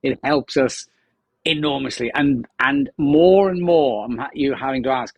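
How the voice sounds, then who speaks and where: A man's voice: mid-range voice, a little slow, no echo. A man in his fifties, a guest actor chatting on a podcast, telling stories and acting out the lines of people on set. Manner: animated storyteller acting out quotes. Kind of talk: casual podcast chat.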